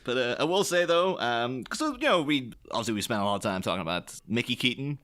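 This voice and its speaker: A man's voice: mid-range voice, big pitch swings, fast, a bit bright. A man co-hosting a podcast, talking through a film casually, rambling and laughing often as he mimics characters. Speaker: podcast co-host.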